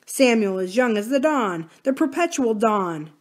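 A woman's voice: a little high, expressive, measured pace, voice pushed up. A woman reading aloud as a group of grown siblings, speaking in an outraged, anxious way. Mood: distraught.

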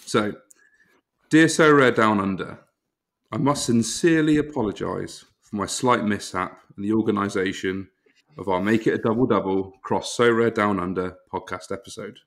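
An English man with an English accent, a podcast host who reads out a comic letter of apology in a deadpan, mock-formal way. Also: lowish voice, moderate pace. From England.

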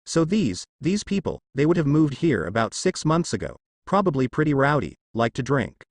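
A man voicing a deadpan, weary male small-town bartender in a fan story reading. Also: mid-range voice, moderate pace, no echo, studio quality.

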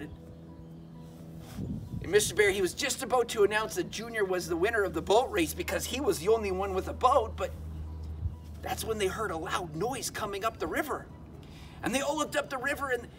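A man telling a Bible story to children as a church storyteller, animated and often repeating words as he goes. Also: high voice, recorded from a distance. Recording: music bed behind voice.

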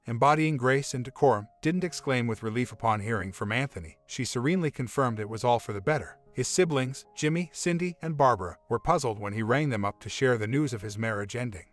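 A man narrating a relationship story in an even, measured storytelling voice. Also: medium pitch. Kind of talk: scripted narration of relationship stories.

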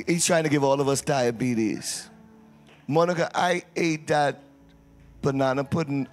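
A man serves as pastor, leading announcements and prayer in a church sanctuary. He teases members by name and calls for answers from the congregation. His pitch sits in a middling range, and a faint musical instrument plays behind him. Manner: playful, teasing, call-and-response with congregation.

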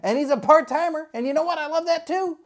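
A man's voice: very high voice, fast talker. A man hosting a comedic unboxing video, talking in a goofy, jokey, rambling way. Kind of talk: casual comedic unboxing chat.

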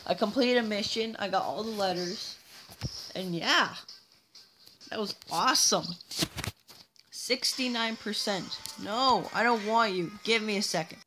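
A woman's voice: medium pitch, unhurried, long pauses, music in the background, low-quality recording. A woman giving casual, playful let's-play commentary as she plays, chatting to herself and taunting enemies in a mock-villain way. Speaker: gameplay commentator.

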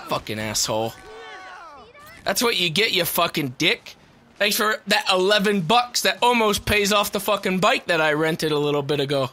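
A young man doing loud, excitable let's play commentary, swearing and laughing often. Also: high-pitched, moderate pace. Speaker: gaming video host.

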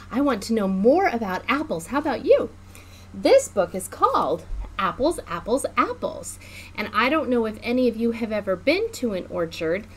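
A woman children's librarian reading a picture book aloud to preschoolers in a slow, sing-song, teacherly way. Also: a little high.

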